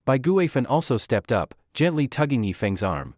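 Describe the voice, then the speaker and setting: In clean studio sound with no room echo, a man with a medium-pitched, slightly mellow voice narrates a comic story recap. He's very animated and dramatic, speaking at normal speed.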